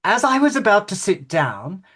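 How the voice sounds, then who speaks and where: A man's voice: high-pitched, big pitch swings, normal speed, a bit bright, full character voice. A man playing a fragile, fussy older king in a rehearsal over a video call, hesitant and apologetic with little stammers. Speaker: actor in rehearsal.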